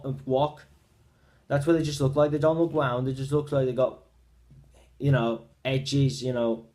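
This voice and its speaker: A man giving a casual spoken film review, retelling the plot in a rambling, halting way with frequent restarts. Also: on the high side, darkish tone.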